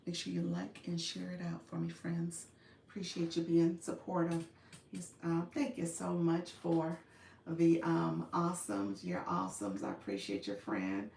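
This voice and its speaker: A woman's voice: lowish voice, vocal fry, a little mellow, far from the mic, a little hiss or hum. Chatty Chicago woman on a live stream. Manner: chatty, laughs often, greets viewers by name. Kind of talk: casual live-stream chat. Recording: echoey room, voice a bit off-mic.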